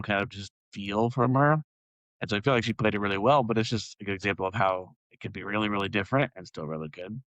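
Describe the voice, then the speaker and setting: A man's voice: lowish voice, fairly even intonation, a little fast, a bit bright, dry recording, low-quality recording. A man co-hosting a podcast, chatting casually and rambling with many fillers and laughs. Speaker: podcast co-host. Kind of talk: casual chat.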